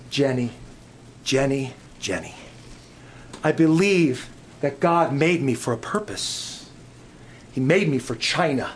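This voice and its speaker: A middle-aged male pastor preaching with a fairly high voice, rising to loud emphatic peaks and dropping to soft, low asides. He tells stories in a sermon style. A faint hiss of noise sits behind him.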